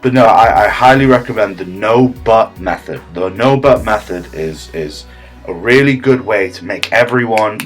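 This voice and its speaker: A man delivering a comedy monologue as a smug, self-important improv teacher, rambling with many fillers and restarts. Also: fairly low pitch.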